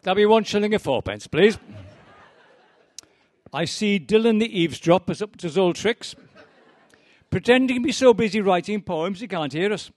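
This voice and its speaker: A man putting on a friendly barman who greets regulars in a high, bright voice. He has a teasing manner, and the sound is dry and close. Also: animated, moderate pace, long pauses, no echo.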